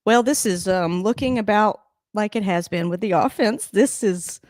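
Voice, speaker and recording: A woman's voice: medium pitch, moderate pace, a little mellow. A woman hosts a casual live stream from home and reacts to a game on TV. She talks in a loose, rambling way and laughs often. Her voice sounds dry and close, with no room echo.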